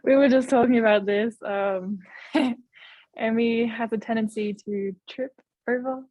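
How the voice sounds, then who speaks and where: On a video call, a young adult Australian college basketball player talks casually in an interview, laughing between phrases. Her voice sits on the high side, steady in tone and a little slow, captured in a dry, lo-fi recording.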